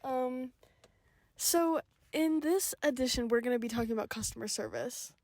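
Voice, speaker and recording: A woman's voice: fairly high pitch, normal speed, darkish tone, no room sound. A young woman co-hosting a podcast, chatting casually and giggling, with casual swearing, recorded in a parked car. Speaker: podcast co-host. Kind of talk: casual chat.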